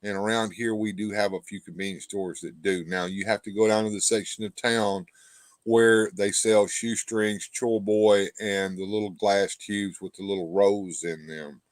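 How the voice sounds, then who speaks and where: A man's voice: fairly low pitch, fairly even intonation, moderate pace, no room sound. A man hosting, chatting casually and rambling as he repeats his words. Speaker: host. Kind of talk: casual commentary chat.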